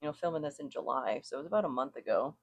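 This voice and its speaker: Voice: mid-range voice, animated, racing, gravelly, no room sound. Chatty, meandering tarot reader, dry sound. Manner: meandering, thinks aloud, self-correcting, chuckles often. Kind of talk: casual spoken reading to viewers.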